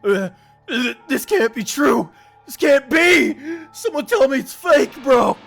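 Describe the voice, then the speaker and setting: A man's voice: lively intonation, slow pace, creaky, fairly bright tone, soft background music, full character voice. A man doing a shrieking panicked student. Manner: frantic high-pitched screaming.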